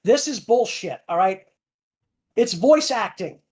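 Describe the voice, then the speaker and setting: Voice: mid-range voice, expressive, measured pace, a little mellow. A voice actor on a livestream Q&A, ranting heatedly with lots of swearing and repeated words. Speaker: voice actor on a fan channel. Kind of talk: livestream Q&A rant.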